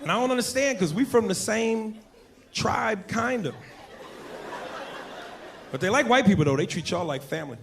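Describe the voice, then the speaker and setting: Loud brash comedian guy, high-ish voice, crowd roaring on every line. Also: normal speed, creaky, pauses often. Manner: brash, profane, animated. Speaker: stand-up comedian. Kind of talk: stand-up comedy set. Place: comedy stage before a live audience. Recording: live club mic, crowd laughter.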